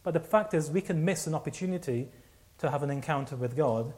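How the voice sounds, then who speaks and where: A man's voice: fairly high pitch, a little fast, a little mellow. A man preaching a sermon, telling a personal story with many restarts and repeats.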